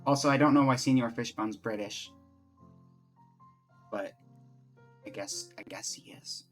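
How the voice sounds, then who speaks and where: A man's voice: mid-range voice, measured pace, faint music behind. A man streaming live, chatting casually and rambling from topic to topic in a self-mocking way. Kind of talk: casual live-stream chat while playing.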